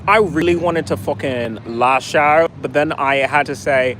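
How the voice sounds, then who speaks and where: A man tells a story in a profane, sarcastic rant, his voice sitting a little high. He is outdoors in a city, with faint street noise under the recording. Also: lively intonation, moderate pace, hardly any pauses, fairly bright tone, low-quality recording. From United States. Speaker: vlogger. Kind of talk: casual ranting storytelling.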